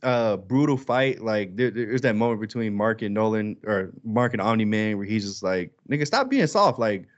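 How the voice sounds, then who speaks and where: Male podcast co-host, relaxed chat with lively bits; low-ish voice, muffled lo-fi recording. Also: normal speed, few pauses. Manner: animated, jumps high to act out quoted lines. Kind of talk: casual chat.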